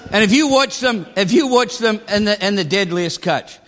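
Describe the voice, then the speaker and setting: A man in his sixties preaching a sermon as pastor, animated and exclamatory, often breaking into laughter. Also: sits high, moderate pace. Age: 60s. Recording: long echoing hall reverb.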